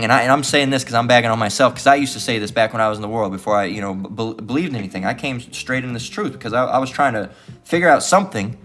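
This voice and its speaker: A man's voice: medium pitch, expressive, fast talker, a bit bright, faint music behind. A man preaching and reading scripture in a heated, profane way, tagging nearly every phrase with "all right" and mocking the voices of his opponents. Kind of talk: street-style religious teaching.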